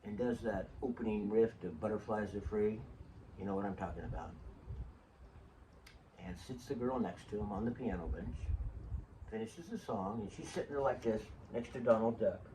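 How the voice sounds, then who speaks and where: A man's voice: lowish voice, moderate pace, dark tone. A man hosting his own show, telling rambling stories in a casual, digressive way with joking asides to his listeners. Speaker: show host. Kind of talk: casual rambling storytelling monologue. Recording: distant mic with faint background hiss.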